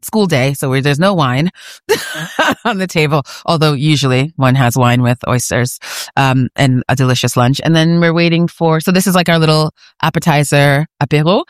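A woman's voice: deep voice, brisk, no room sound, clean studio sound. A woman from New York City, chatting casually and laughing often as a guest, seated at an outdoor eating area on a market street. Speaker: guest, food podcaster. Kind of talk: casual conversation.

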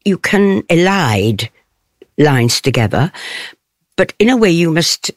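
An older stage actress giving an interview. She speaks in a thoughtful, measured way and laughs softly often. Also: sits low, sing-song, dry recording, studio quality.

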